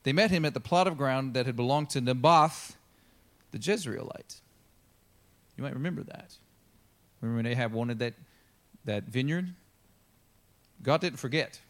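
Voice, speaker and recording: A pastor telling a Bible story in a casual, chatty sermon. He is animated and acts out the characters in the story. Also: medium pitch, moderate pace, long pauses. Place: church.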